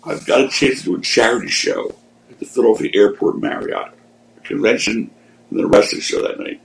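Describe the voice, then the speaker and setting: Recorded roughly with slight background noise, this ex-wrestling promoter has a fairly low, creaky voice and talks briskly. As an interview guest, he wanders from one anecdote to the next in a relaxed, chatty way.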